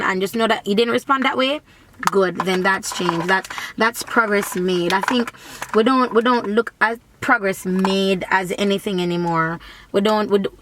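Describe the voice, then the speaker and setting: A woman's voice: mid-range voice, a bit bright, rough recording. A woman from Jamaica, chatting in a rambling way while doing her makeup in a parked car. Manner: rambling, chatty, many restarts. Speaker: beauty vlogger.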